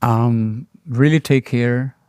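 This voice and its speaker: A man hosting a live podcast interview, talking in a thoughtful way with many pauses and fillers. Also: medium pitch, fairly even intonation, a little mellow, clean tone, no room sound, clean studio sound. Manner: thoughtful, filler-heavy delivery. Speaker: podcast host.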